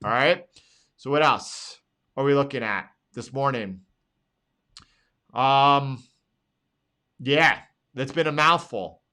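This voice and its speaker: A man hosts a live trading show, going over charts one by one. His voice is bright and a little tense, and he leans hard on his points and says them again and again. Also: mid-range voice, slow, pauses often. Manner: emphatic, pleading, repeats phrases. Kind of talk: live market analysis.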